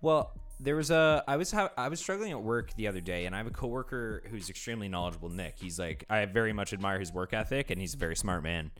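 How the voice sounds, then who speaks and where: A man telling a story in a casual podcast chat, relaxed and laughing often. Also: on the low side, quick pace, few pauses, faint music behind.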